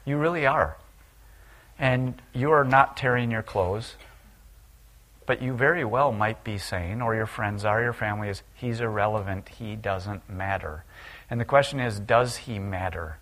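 Man, middle-aged, preacher, sermon, storytelling, voices quoted characters, sudden loud peaks. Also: medium pitch, moderate pace. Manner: retells Bible stories with voiced quotes, rising to loud exclaims.

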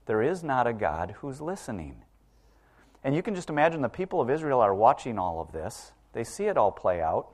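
A man preaching to his congregation in a relaxed, conversational sermon. He often stops to put rhetorical questions to his listeners. His voice sits at a middle pitch for a man. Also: moderate pace.

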